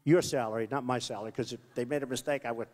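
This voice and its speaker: A man's voice: medium pitch, fairly even intonation, rapid-fire, a little mellow. A man giving an off-the-cuff campaign rally speech, rambling, repetitive and boastful. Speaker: political candidate. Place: large rally venue. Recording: long reverb of a big hall.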